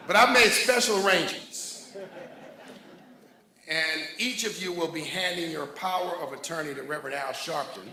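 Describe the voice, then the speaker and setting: A man's voice: on the high side, bright, forceful tone. A man giving a jovial, rousing speech at a ribbon cutting, thanking and naming dignitaries from a podium. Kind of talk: public speech to a crowd. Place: large room with a crowd. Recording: echoey hall, crowd noise.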